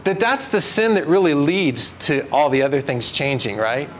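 A man's voice: fairly high pitch, very animated, moderate pace, faint music behind, low-quality recording. A man preaching a conversational sermon as pastor, earnest and putting direct questions to his congregation.

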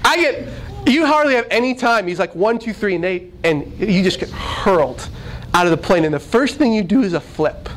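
A man who is a minister, telling a humorous story from the pulpit in an animated, self-deprecating way. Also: high voice, moderate pace, a little hiss or hum, poor audio.

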